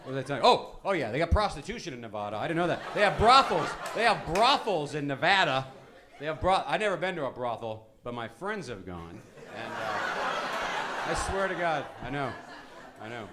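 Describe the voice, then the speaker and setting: A man doing a rambling, deadpan stand-up comedy set on a club stage. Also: a little fast. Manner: deadpan, rambling, lively swings in pitch. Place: comedy club stage with live audience laughter. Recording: live club recording with audible crowd noise.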